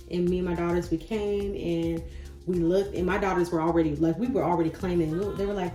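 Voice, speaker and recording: A woman in her thirties talking casually and encouragingly to camera about faith and change, chatty and goofy, with sudden loud bursts. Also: on the low side, steady tone, moderate pace. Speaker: spiritual vlogger. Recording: echoey room with faint music.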